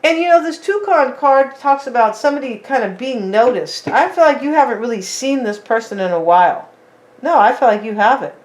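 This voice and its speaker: A woman with a somewhat high voice talks her viewers through a tarot spread. Her delivery is loose and chatty, full of "like" and "right?", and she speaks to the audience directly as "you guys.". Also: expressive, a little fast, a little mellow. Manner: chatty, tags lines with "right?" and "like". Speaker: tarot reader. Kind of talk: casual tarot reading to viewers.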